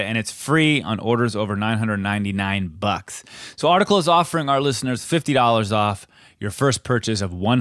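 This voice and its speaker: A man's voice: lowish voice, a bit bright, clean tone, dry recording, studio quality. A man in his forties co-hosting a casual podcast, chatting in an easygoing way and doing a host-read ad.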